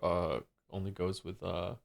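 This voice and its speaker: A man with a somewhat low voice chats with his stream audience. He rambles, stacking fillers and restarts as he thinks aloud into a desk microphone. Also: fairly even intonation, a little slow, vocal fry. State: losing his voice. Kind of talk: casual chat with chat.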